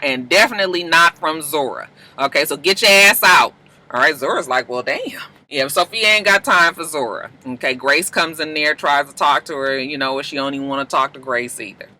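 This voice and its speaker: Sassy, very bright-voiced woman. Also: deep voice. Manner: animated, sassy, swears freely. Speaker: TV show reviewer. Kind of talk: casual recap vlog.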